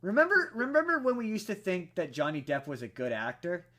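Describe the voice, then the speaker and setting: A young man co-hosting a podcast, telling a film story in casual chat, full of fillers and restarts and growing animated as he goes. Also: high-pitched, brisk. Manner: rambling with many fillers and restarts, animated when excited. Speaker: podcast co-host.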